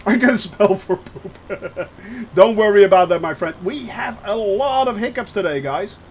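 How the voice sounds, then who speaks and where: A man's voice: high-pitched, animated, measured pace, slight background noise. A man, chatting live with viewers while streaming a flight sim, joking and laughing often as he reads the chat aloud.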